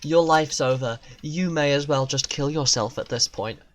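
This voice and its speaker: A man's voice: fairly high pitch, moderate pace. A young man streaming a video game, talking to himself in a rambling, profane way about absurd ideas. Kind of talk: casual gaming commentary.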